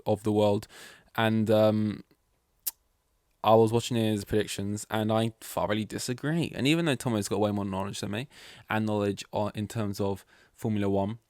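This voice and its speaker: A man's voice: fairly low pitch, no room sound, studio quality. Rambling young man chatting solo. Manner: rambling, chatty, many fillers and restarts. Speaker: podcast host. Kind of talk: casual solo podcast chat.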